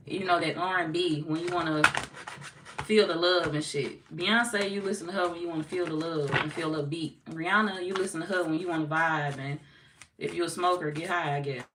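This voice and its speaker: A woman with a St. Louis accent chats with her livestream viewers, blunt, profane and quick to laugh. Her voice sits somewhat low for a woman. She sounds far from the mic in an echoey room, with a faint hiss of noise behind her. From St. Louis, US Midwest. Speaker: tarot reader greeting live chat. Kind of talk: casual livestream chat.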